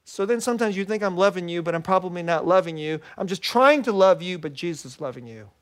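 A middle-aged man preaching a sermon as a pastor, animated and laughing often as he acts out what people say. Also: high-pitched, quick pace. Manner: animated, laughs often, quotes himself in little voices.

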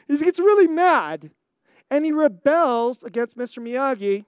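An American preacher telling a story in a sermon, animated, acting out scenes and laughing often. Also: sits high, measured pace, long pauses, no room sound, studio quality. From United States.

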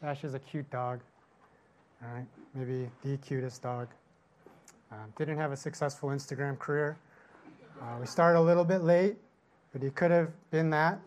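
A man's voice: mid-range voice, steady tone, normal speed, pauses often, a little hiss or hum. A middle-aged male pastor giving a conversational sermon, telling a story and checking in with "right?" after nearly every line. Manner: storytelling with constant "right?" tag questions.

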